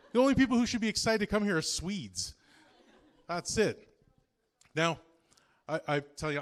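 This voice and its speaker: A man from India doing a stand-up set with crude, brash crowd banter. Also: fairly high pitch. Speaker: stand-up comedian. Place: comedy stage in a small town.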